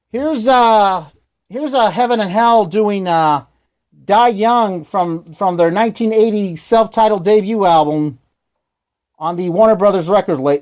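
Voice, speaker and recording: A man's voice: high voice, a little mellow. A man hosting a radio show, talking casually in a rambling, hesitant way and often correcting himself.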